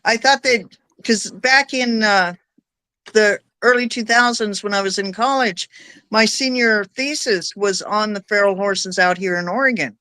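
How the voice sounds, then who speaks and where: Woman guest, chatty and anecdotal, bright forceful tone, dry close sound. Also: mid-range voice, fairly even intonation, unhurried, no room sound. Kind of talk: casual chat.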